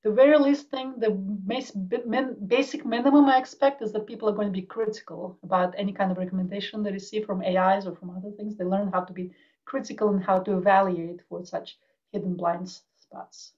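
A woman instructor answers a panel question in a reflective way, working through her thoughts as she speaks. Her pitch sits in the ordinary middle range. The audio sounds dull and lo-fi, like a video call. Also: fairly even intonation, brisk, darkish tone. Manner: reflective, thinks aloud.

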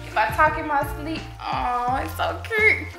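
A woman's voice: sits high, expressive, a little slow, gravelly. A young woman with a Memphis accent, chatting playfully and teasing in a casual couple vlog at home. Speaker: vlogger. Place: at home indoors. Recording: roomy sound with music behind.

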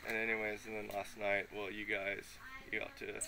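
A man's voice: lowish voice, completely flat delivery, moderate pace, music in the background. A man giving an emotional, rambling personal testimony full of slang and fillers in front of a gathering. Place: live gathering with listeners.

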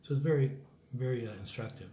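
Here the American Bible program host has a medium-pitched, warm voice and talks quickly. His earnest, informal remarks wander and keep cutting off and restarting. Faint background noise sits in an echoey room.

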